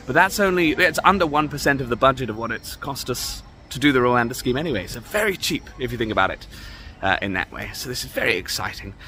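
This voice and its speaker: A man's voice: medium pitch, sharp tone, slight background noise. A man playing a bumbling male government minister, hesitant and full of ums and uhs.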